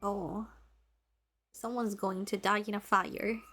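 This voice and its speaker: A woman's voice: mid-range voice, little pitch movement, slow pace, fairly bright tone, soft background music. A woman streamer in casual gameplay chat, chatty and giggly, on a desk microphone.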